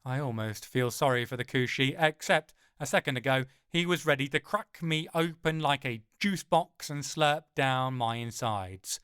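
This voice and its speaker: A man narrating a first-person audiobook in a dramatic, wry way, slowing for emphasis. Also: medium pitch, a bit bright, smooth, dry recording, studio quality.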